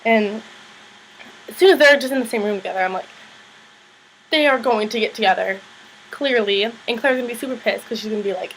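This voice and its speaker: A woman's voice: fairly quick, pauses often, slight background noise, low-quality recording. A young woman vlogger casually recapping a TV episode, chatty and full of "like", acting out the characters' lines as she goes. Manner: chatty, lots of "like", acts out characters' lines in higher voices.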